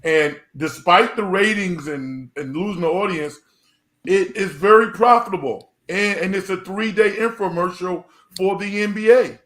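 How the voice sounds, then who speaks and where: A man's voice: high voice, normal speed, fairly bright tone. Emphatic male panelist in a roomy space. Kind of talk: casual sports talk.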